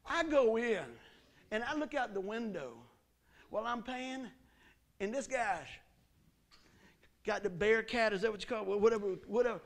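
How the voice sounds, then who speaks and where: Gravelly, high-voiced preacher. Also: male voice, normal speed, pauses often. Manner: animated, acts out the story with sound effects and voices. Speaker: pastor. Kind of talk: storytelling sermon. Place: church sanctuary.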